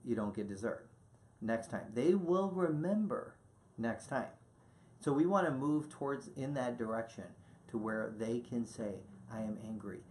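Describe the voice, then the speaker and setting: A man's voice: mid-range voice, a little hiss or hum. Brief: man, mid-range voice, affirming co-host who drives points home and speaks directly to the audience. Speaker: co-host, parenting doctor. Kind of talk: casual educational chat.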